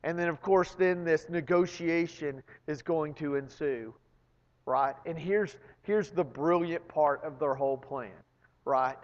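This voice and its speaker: High-voiced man preaching in a reverberant hall. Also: measured pace. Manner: storytelling, building to loud emphatic peaks. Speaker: pastor. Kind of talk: sermon. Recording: long reverb, dull lo-fi sound.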